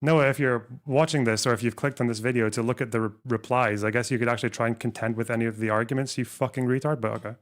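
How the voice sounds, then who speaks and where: A man's voice: mid-range voice, steady tone, fast, few pauses. A man streaming and reacting to a clip, combative, profane and sarcastic. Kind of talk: live stream reaction commentary.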